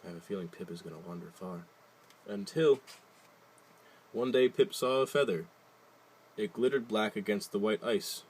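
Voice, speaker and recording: A man's voice: fairly low pitch, normal speed, long pauses, darkish tone, husky. A man casually reading a picture book aloud, adding wry, jokey asides and loosely retelling the story. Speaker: reader.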